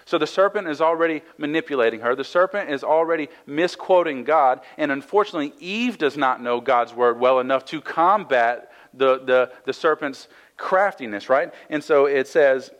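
Here a pastor with a fairly high, expressive male voice speaks at a moderate pace, barely pausing, on a low-quality recording. He reads a Bible passage aloud and then explains it in a conversational sermon full of "right?" asides.

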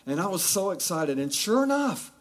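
Animated man preaching a sermon. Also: sits high, normal speed. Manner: conversational, animated storytelling with quoted voices. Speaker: pastor.

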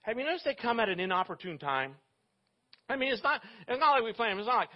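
A male pastor delivers a sermon in a relaxed, conversational way, tossing jokes and questions to his congregation. His voice sits fairly high for a man. The recording is dull and muffled. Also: fast. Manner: conversational, joking asides to the congregation.

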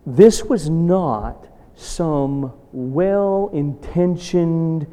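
A man preaching a sermon, asking rhetorical questions and swinging between loud emphatic bursts and hushed asides. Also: on the high side, lively intonation, slow, pauses often. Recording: long hall reverb.

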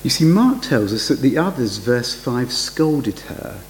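A man preaching a sermon, his voice lively and full of rhetorical questions. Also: medium pitch, unhurried, slight background noise, poor audio.

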